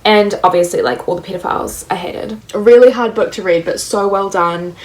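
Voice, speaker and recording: A young woman in her twenties with a New Zealand accent chats casually about books as a book vlogger. Her mid-range voice is fairly quick with a darkish tone, and her chatty talk is packed with "like" fillers.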